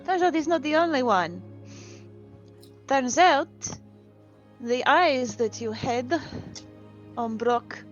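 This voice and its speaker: A woman, voicing her character in a tabletop game with an animated, sweary manner. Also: high voice, slow pace, pauses often. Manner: sweary, animated, laughs often. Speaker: player. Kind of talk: in-character tabletop role-play. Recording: dull lo-fi stream audio with faint music.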